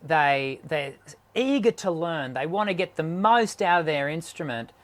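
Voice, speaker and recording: A male host of a voice-coaching show sets up his questions in a measured, careful way. He often restarts a phrase before finishing his thought. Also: a little high, lively intonation, fairly bright tone. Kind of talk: interview questions.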